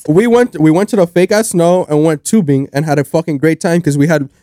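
A man's voice: fairly high pitch, brisk, warm tone, no echo, clean studio sound. A young man co-hosting a podcast, telling stories in casual chat, swearing a lot and laughing along. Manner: profane, laughing storyteller. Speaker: podcast co-host.

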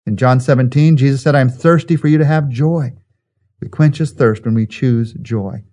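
A man's voice: medium pitch, normal speed, warm tone. A man preaching a sermon in an earnest way, building his points through repetition. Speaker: pastor.

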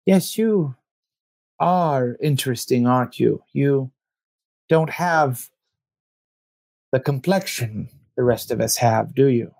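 A man voicing a genteel, courteous male vampire elder in a tabletop game, speaking slowly and smoothly with a probing manner. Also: medium pitch, darkish tone. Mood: intrigued.

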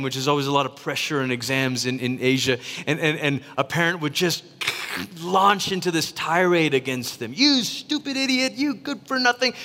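A man from Malaysia preaching a sermon in a lively, conversational way, acting out quotes as he goes. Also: on the high side, long reverb tail. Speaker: pastor.

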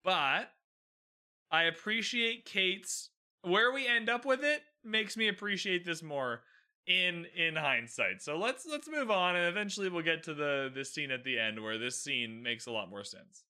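A man's voice: on the high side, lively intonation, a little slow, sharp tone, clean tone. A man giving a casual, sarcastic recap of a TV episode, chatty and often acting out the characters' lines. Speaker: show recapper.

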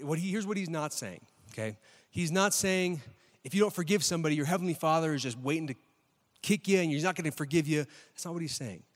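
Energetic stories fill this sermon, delivered by a pastor with a fairly high-pitched voice in a large hall. He frequently turns to the congregation with questions.

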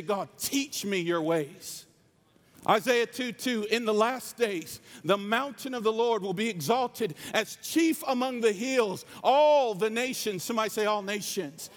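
Passionate Southern preacher, high-pitched man, big reverberant church sound. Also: measured pace. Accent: Southern US, North Carolina. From North Carolina. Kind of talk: sermon.

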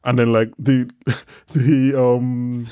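A man hosting a casual podcast, rambling and animated, swearing freely. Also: medium pitch, drawn-out words, clear, resonant tone, no echo. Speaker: podcast host. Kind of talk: casual chat.

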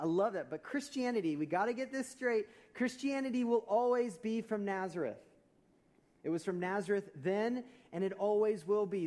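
A male pastor delivers a conversational sermon in a church, slipping in humorous stories as his volume rises and falls. His voice sits slightly high.

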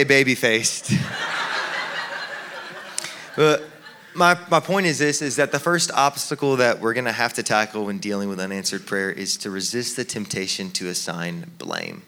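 A man's voice: mid-range voice, bright, forceful tone. A man in his twenties preaching a sermon in a casual, self-deprecating way, often repeating words as he goes. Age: 20s. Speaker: pastor.

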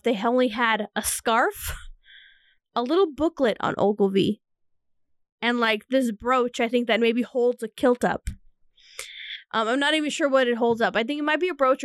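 A young woman co-hosting a casual chat, tipsy from shots, telling a long story with animated laughter and frank swearing. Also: fairly high pitch, normal speed, no echo, clean studio sound.

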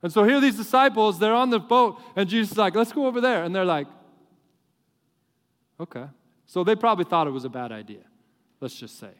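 Male preacher, high voice, animated joking storyteller, long hall reverb. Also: fast. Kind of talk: sermon.

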